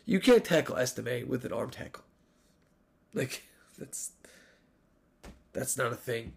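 A man hosting a solo sports podcast, recapping a college football game with animated, profane rants. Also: medium pitch, a little slow, vocal fry, breathy edge. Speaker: podcast host.

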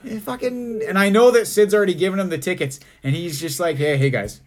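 A man's voice: sits high, animated, fast. A man co-hosting a podcast, telling a rambling, profane story full of restarts, in casual chat. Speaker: podcast co-host. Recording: faint background noise.

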